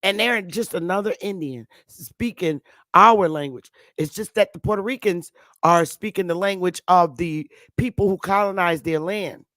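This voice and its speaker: A woman's voice: fairly low pitch, moderate pace, a bit bright, dry recording. A woman in her fifties giving a casual, rambling monologue to her viewers, repeating herself and calling them sweetheart and love. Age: 50s. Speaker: channel host. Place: Connecticut.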